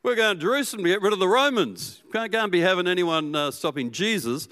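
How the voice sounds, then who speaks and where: A brash, bossy crowd of men, put on by a preacher yells down at someone in a high, strained voice. The loud heckling rings out with a long reverb through a church hall. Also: male voice, lively intonation, fast talker.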